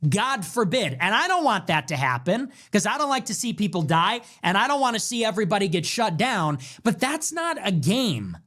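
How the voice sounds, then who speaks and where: A man in full rant mode as a political commentator, hammering his point with rhetorical questions and sarcastic jabs. His pitch swings widely, rising and dropping as he mocks and scolds, and he swears freely as he builds momentum. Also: very animated, moderate pace, few pauses, sharp tone. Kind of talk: heated monologue rant.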